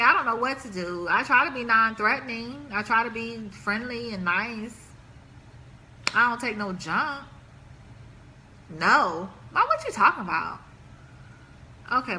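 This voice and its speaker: A woman's voice: a little high, bright, forceful tone, a little hiss or hum. A woman hosting a live relationship stream, chatting casually and laughing as she reads viewer comments aloud.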